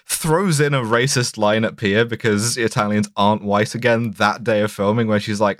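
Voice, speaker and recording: A man's voice: on the low side, steady tone, normal speed, a bit bright, dry recording, studio quality. A man co-hosting a casual film podcast, joking and swearing as he retells scenes. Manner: sweary, jokey, quotes characters in funny voices. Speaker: podcast co-host. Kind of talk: casual film review chat.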